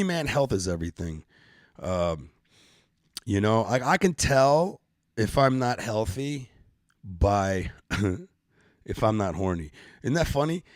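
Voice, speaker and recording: A man's voice: on the low side, no room sound, studio quality. A middle-aged man hosting a casual live-stream podcast, joking around in loose, profane banter. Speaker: podcast host.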